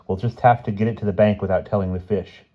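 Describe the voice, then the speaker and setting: A man voicing a scheming, energetic teenage schoolboy who sounds urgent and bossy. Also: fairly low pitch, fast talker, lo-fi sound, lightly acted.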